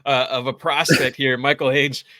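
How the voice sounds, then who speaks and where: A man's voice: mid-range voice, little pitch movement, moderate pace, bright, forceful tone, no room sound, clean studio sound. A man co-hosting a hockey podcast, chatting in an eager, agreeable way. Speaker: podcast co-host. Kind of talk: casual sports podcast chat.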